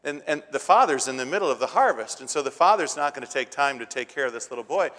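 A man's voice: medium pitch, animated, fast talker, fairly bright tone. A man preaching a sermon, retelling a scripture story in a casual way and building to emphatic points. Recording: long hall reverb.

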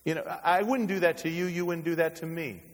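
Pastor preaching in a reverberant hall. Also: male voice, steady tone, quick pace. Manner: dynamic preaching, swinging from loud exclamations to hushed low tones. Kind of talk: sermon. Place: church sanctuary.

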